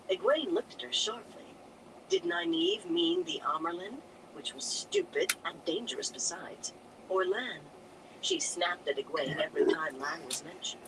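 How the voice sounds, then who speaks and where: A narrator telling a fantasy story aloud in a steady storytelling manner. The pitch moves a lot from phrase to phrase. A steady vehicle hum and noise sit under the reading. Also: measured pace. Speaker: audiobook narrator.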